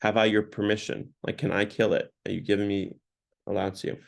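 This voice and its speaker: A man voicing a patient, insistent angel who speaks calmly and keeps repeating his question, in a sermon retelling. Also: on the low side, a little fast, creaky. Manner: calm, repetitive, insistent.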